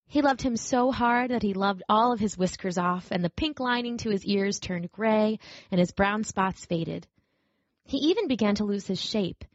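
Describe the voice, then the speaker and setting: A woman narrating a storybook aloud in a gentle, even storytelling manner. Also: mid-range voice, no echo. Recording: dry, slightly dull recording.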